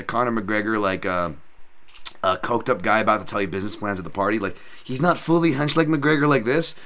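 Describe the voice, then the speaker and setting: A man's voice: lowish voice, bright, forceful tone. A young man hosting a podcast, chatting and answering viewers' questions in a rambling, profane way. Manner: rambling, profane, many fillers. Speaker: podcast host, MMA analyst. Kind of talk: live-stream podcast chat, reading chat questions.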